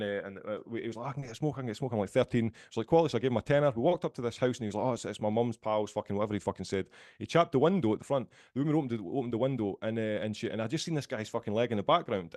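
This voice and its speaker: A man's voice: fairly low pitch, a little mellow, no room sound, studio quality. A man with a Scottish accent telling rambling, profanity-filled stories in a casual podcast chat. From Scotland. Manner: rapid, profane, rambling anecdotes.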